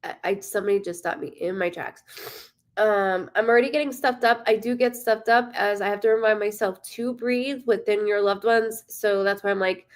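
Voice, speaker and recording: A woman's voice: mid-range voice, steady tone, normal speed. A woman hosting a live stream as a psychic medium, chatting casually, greeting viewers by name and swearing freely.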